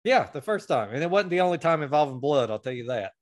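Profane animated man telling a story. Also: fairly high pitch, quick pace, no echo, clean studio sound. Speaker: podcast host. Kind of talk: casual storytelling chat.

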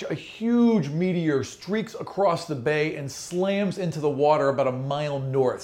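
A man narrating as game master of a tabletop role-playing game, describing scenes in a lively, vivid way. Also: mid-range voice.

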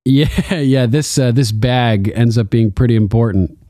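A man's voice: a little slow, dark tone, no echo, studio quality. A young man co-hosting a casual talk show, recapping an episode with rambling asides and frequent laughs. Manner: rambling, laughs often, acts out quotes in a higher voice. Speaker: podcast co-host.

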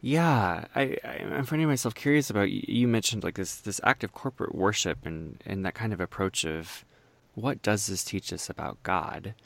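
A male podcast host asking curious follow-up questions, hesitant and searching for his words. His voice is lowish with a gravelly edge. The sound is dry and close. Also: normal speed, dry recording. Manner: soft affirming murmurs, hesitant phrasing.

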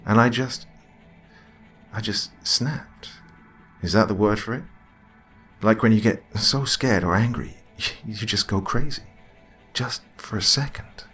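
A man's voice: lowish voice, fairly bright tone, voice pushed up. A man voicing a shaken, tearful teenage girl. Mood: remorseful. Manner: halting, trailing off, fearful.

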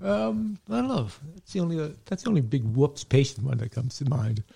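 Middle-aged man, veteran medic guest: gravelly, husky, relaxed storyteller who rambles and chuckles. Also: on the high side, fairly quick. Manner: laid-back, chuckles often, rambling asides. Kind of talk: casual storytelling.

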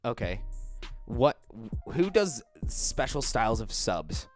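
Laughing, lively-voiced man bantering. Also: mid-range voice, slow pace, faint music behind. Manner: laughing often, loose and profane. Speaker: podcast co-host. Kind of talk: casual comedic banter.

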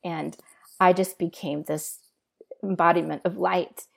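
Earnest low woman with a gravelly voice. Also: steady tone. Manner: earnest, halting with restarts. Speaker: interview guest. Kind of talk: emotional personal testimony.

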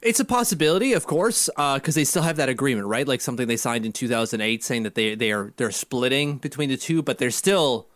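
A man's voice: mid-range voice, animated, fast talker, few pauses, a bit bright, no room sound, clean studio sound. A man co-hosting a casual chat, joking and putting on mocking voices. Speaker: podcast co-host.

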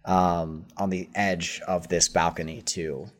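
A man's voice: deep voice, little pitch movement, takes it slowly. A man narrating as game master in casual, hesitant speech full of fillers.

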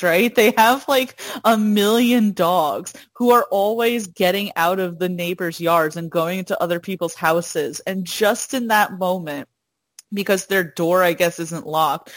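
A woman chatting casually, telling stories in an animated way and acting out quotes with frequent laughter. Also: medium pitch, no room sound. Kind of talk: casual chat.

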